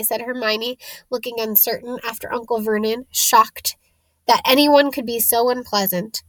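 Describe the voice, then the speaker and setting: A woman's voice: on the high side, steady tone, normal speed, dry recording. Woman reading a story aloud, dry sound. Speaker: reader.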